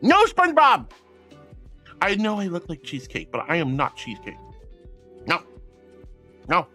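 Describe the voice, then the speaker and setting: Giggly sweet lady vtuber chatting with chat, voice bouncing all over, soft music behind. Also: sits low, animated, moderate pace. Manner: bubbly, affectionate, giggly, calls viewers sweetie and honey. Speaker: VTuber streamer. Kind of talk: casual livestream chat.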